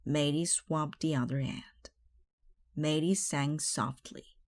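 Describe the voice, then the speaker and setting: A woman with a low voice reads a children's picture book aloud at a slow, careful pace. Her voice is close and dry, with no room echo. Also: steady tone, darkish tone. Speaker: storybook reader.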